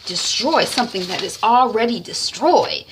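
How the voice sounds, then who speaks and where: A woman's voice: medium pitch, lively intonation, normal speed, fairly bright tone, lightly acted, low-quality recording. A woman voicing a defiant, lovestruck young woman who talks back in a defensive, sulky way.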